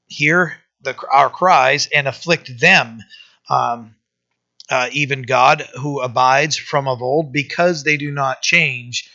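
A man preaching as a pastor in a casual verse-by-verse sermon, talking conversationally with many fillers and reading scripture slowly. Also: mid-range voice, creaky, pushed and bright. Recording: dull lo-fi sound.

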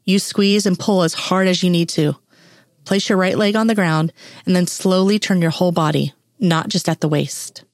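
A kind young brother who patiently helps an injured man, read by a woman. He speaks quietly and gently. The voice is close and dry. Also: on the low side, steady tone, normal speed, dry recording, lightly acted. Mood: gentle. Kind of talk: reading fan fiction aloud.

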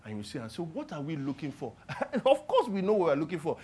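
Man, high pitch, sermon, call-and-response questions, hushed-to-loud delivery. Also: sing-song, normal speed, long pauses. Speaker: preacher. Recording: clear music playing behind the voice.

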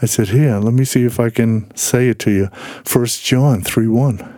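In clean studio audio with no room sound, a man with a medium-pitched voice speaks at a normal speed as a faith podcast guest. He shares personal stories conversationally, an animated storyteller who performs the voices he quotes.

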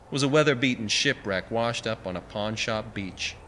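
A man's voice: on the low side, moderate pace, pushed and bright, slight background noise. Man reading a wry story aloud. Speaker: narrator. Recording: long reverb with faint music.

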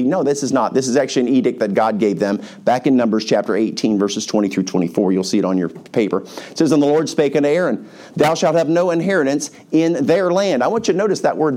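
A pastor preaching a sermon to his congregation, who tells the story in a lively, casual way and acts out the characters' voices. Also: mid-range voice, fast. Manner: animated, colloquial storytelling with acted-out voices.

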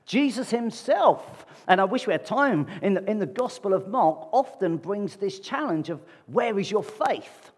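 Husky male preacher in a reverberant hall. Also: high voice, expressive, measured pace, hardly any pauses. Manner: conversational, asks the congregation rhetorical questions. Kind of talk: sermon. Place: church meeting hall. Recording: long reverb of a large hall.

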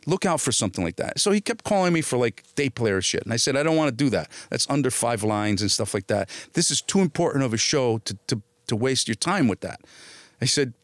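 Middle-aged actor, casual storyteller; dry, close-miked studio sound. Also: male voice, medium pitch, a little fast, no echo. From New Jersey area. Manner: animated anecdotes, quotes people in dialogue. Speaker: actor, interview guest.

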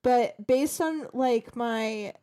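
A woman's voice: fairly high pitch, extremely slow, warm tone. A woman co-hosting a podcast, looking through her notes while chatting casually. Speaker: podcast co-host. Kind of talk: casual chat.

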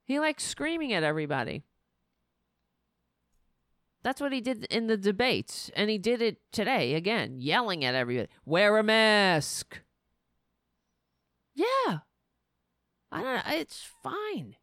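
A woman hosting a political talk show, tired and sleepy, sliding into sarcastic, animated rants. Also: medium pitch, normal speed, pauses often, no room sound, studio quality. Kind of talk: casual political commentary.

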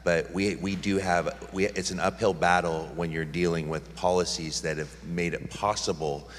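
Man, middle-aged pastor; earnest rambler, low voice, church reverb. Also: fairly even intonation, normal speed, a little hiss or hum. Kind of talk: church Q&A talk. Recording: long hall reverb.

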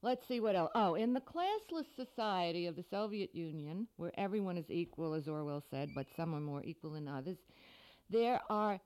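A middle-aged woman author from the United States, giving a scripted radio talk with dry, deadpan humor. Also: fairly low pitch, normal speed, clean tone.

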